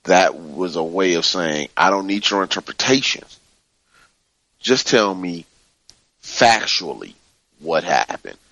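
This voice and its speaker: Deep-voiced man teaching calmly. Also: dry recording. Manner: slow, calm, repeats soothing phrases. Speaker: teacher leading a book study. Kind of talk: spiritual teaching, reading from a book.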